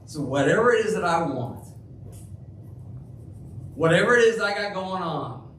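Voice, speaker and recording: A male pastor preaching a sermon in a church, slow and emphatic, dropping to a hush for key phrases. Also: sits high, expressive, background noise. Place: church sanctuary. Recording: echoey room, heard from a distance.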